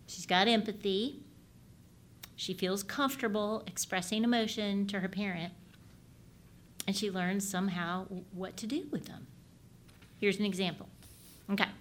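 A middle-aged woman giving an animated teaching talk on parenting. She keeps asking her listeners questions and swings from loud to hushed. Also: mid-range voice, moderate pace, pauses often, slight background noise. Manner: animated, asks the audience questions, shifts between loud and hushed. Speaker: parenting speaker.

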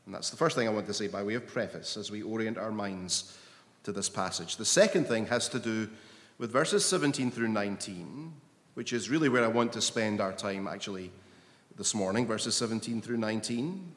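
A man preaching a sermon slowly and emphatically, his voice swelling with intensity on key phrases. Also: on the low side, animated. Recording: long hall reverb.

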